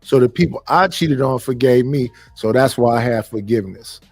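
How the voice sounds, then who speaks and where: A middle-aged man hosts a live stream, delivering a blunt, profane rant and preaching at his audience. His voice is medium in pitch and moves at a normal pace. The recording is dry, with faint music in the background.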